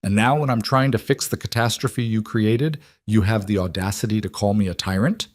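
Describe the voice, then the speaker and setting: A man with a low voice speaking as a cold, ruthless queen who rules alone, in an icy, clipped and commanding way. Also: a little fast, no room sound, clean studio sound, natural voice.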